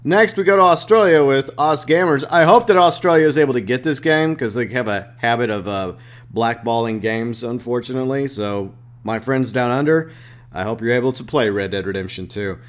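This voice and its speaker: A man who runs a gaming channel, reading out game previews and adding excitable, joking asides. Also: medium pitch, fairly quick. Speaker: gaming YouTuber.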